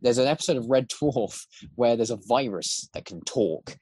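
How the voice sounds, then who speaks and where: A man's voice: medium pitch, animated, moderate pace, a little mellow, slightly rough, no room sound. A man chatting as a podcast guest, eager and rambling, often restarting his sentences as ideas tumble out. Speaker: guest, voice actor and prop maker. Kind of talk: casual podcast chat.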